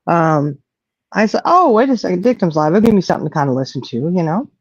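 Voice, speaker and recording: A woman's voice: lowish voice, sing-song, fast talker, husky, dry recording. An older woman, a grandmother, hosting a casual chat in a folksy way, often saying "you know". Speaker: host. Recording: dull lo-fi audio.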